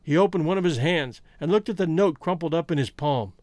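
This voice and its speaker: A man narrating an audiobook story in a steady storytelling manner, close to the mic. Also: fairly high pitch, fairly quick, dry recording.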